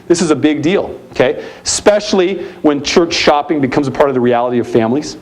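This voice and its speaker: A man's voice: fairly high pitch, a little fast. An American man presenting at a youth ministry conference, emphatic and repeating key points while asking the audience questions. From United States. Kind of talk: conference keynote talk. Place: conference center hall.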